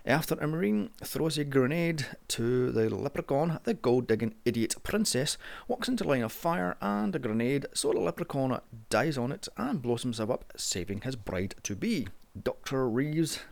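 A man's voice: mid-range voice, vocal fry, a little mellow. A man narrating a casual movie review in a sarcastic, sweary way.

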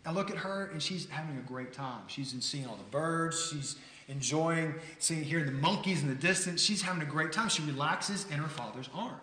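Bright-voiced male pastor in a reverberant hall. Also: on the high side, normal speed. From United States. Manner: conversational, animated, frequent restarts. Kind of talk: storytelling sermon. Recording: roomy hall with long reverb.

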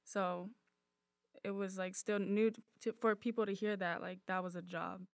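A woman's voice: medium pitch, little pitch movement, normal speed, gravelly, no room sound, studio quality. A young woman co-hosting a podcast, talking easily in casual chat with many fillers. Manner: easygoing, thoughtful, many "um" and "like" fillers. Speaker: podcast co-host.

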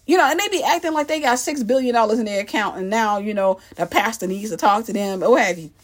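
Woman, animated church-culture commentator, pitched a touch high, emphatic delivery. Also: fast talker. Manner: emphatic and animated, acts out the people she mocks.

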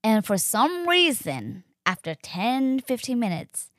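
A woman's voice: fairly high pitch, slow pace, dry recording. Chatty young woman, dry close sound. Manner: animated, chatty, fills speech with "like", acts out quotes. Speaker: podcast host. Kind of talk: casual storytelling.

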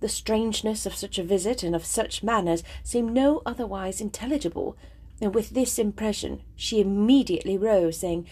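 Husky woman reading a classic novel. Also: mid-range voice, normal speed, mellow. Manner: chatty, self-deprecating, eager. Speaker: audiobook reader. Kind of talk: casual intro then novel narration.

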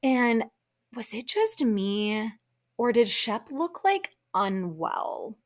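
A woman's voice: fairly high pitch, drawn-out words. Chatty woman podcast host. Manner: chatty and animated, lots of "like" and laughs. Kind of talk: casual reality TV recap chat.

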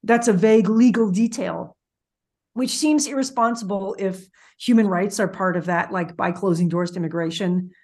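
A woman hosting a podcast, recapping a TV series in casual, opinionated chat, full of "like" and "um". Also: medium pitch. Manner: chatty and opinionated, with frequent "like" and "um". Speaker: podcast host.

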